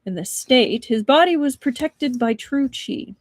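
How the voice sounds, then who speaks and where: A woman's voice: sits high, lively intonation, unhurried, dry recording. A young woman reading a novel aloud on a live stream, breaking off for chatty asides to her viewers. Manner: chatty asides between narration.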